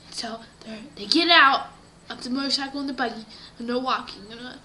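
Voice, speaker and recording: A woman improvising a story in an animated way, often dropping into breathy whispers. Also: sits high, quick pace, slight background noise, low-quality recording.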